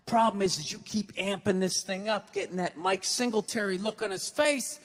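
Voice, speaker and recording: A man from the United States performing a stand-up comedy set on stage, telling stories with loud bursts and acted-out quotes. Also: high voice, animated, brisk, hardly any pauses. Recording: live hall reverb, faint noise.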